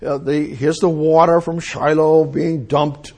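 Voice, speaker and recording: A man delivering a sermon at an unhurried pace, leaning hard on repeated phrases and sudden exclamations. His voice sits a little high for a man and carries a husky, breathy edge. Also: little pitch movement, darkish tone. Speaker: preacher.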